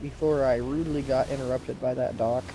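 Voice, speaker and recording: A man's voice: mid-range voice, steady tone, fairly quick, heavy background noise. A man chatting sarcastically while playing a game with a friend, swearing at the game. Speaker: gaming co-player.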